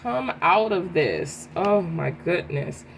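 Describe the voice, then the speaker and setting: A woman giving a collective tarot reading, talking in an emphatic, animated way and often asking "right?". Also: lowish voice, slow, vocal fry, a little hiss or hum. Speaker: tarot reader.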